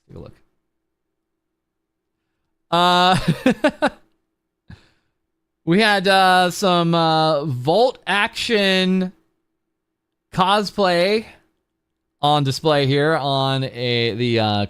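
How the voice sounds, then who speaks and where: Slightly high, a bit bright, and clean in tone, this young man's voice carries no room sound. He's a VTuber chatting casually on a charity livestream, rambling and self-mocking, with lots of ums and uhs.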